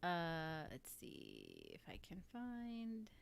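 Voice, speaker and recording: A woman's voice: low-pitched, huge pitch swings, extremely slow, creaky, a little hiss or hum. Gushing, rambling woman streamer. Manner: gushing and rambling, heavy use of "like". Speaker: livestream host. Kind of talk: casual livestream chat.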